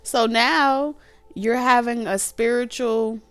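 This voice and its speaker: A woman's voice: fairly high pitch, slow, clean tone, dry recording, soft background music. A woman giving a casual tarot reading, chatty and colloquial, laughing often and acting out what people might say. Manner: animated, laughs often, acts out quoted voices. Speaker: tarot reader.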